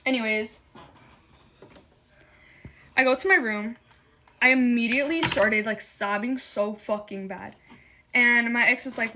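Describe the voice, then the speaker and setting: Young woman doing a storytime while putting on makeup, kinda high voice, emotional, says like a ton and swears. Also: measured pace, pauses often, sharp tone, slight background noise. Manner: emotional, heavy swearing and filler "like".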